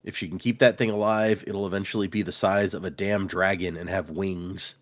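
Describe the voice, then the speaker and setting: A man with a lowish voice talks through a book recap in a relaxed, chatty way. He slips into quick put-on voices for the characters and laughs between lines. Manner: animated retelling, acts out quotes, frequent laughs. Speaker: podcast co-host recapping a book. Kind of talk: casual chat.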